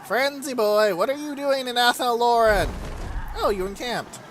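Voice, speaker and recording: A man's voice: very high-pitched, moderate pace, slight background noise. A man giving casual, chatty commentary over his strategy game let's play, swearing now and then. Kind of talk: gameplay commentary.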